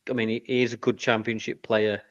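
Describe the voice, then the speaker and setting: A young man in a casual football chat, animated and swearing freely. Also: on the low side, fairly quick, muffled recording. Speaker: podcast co-host.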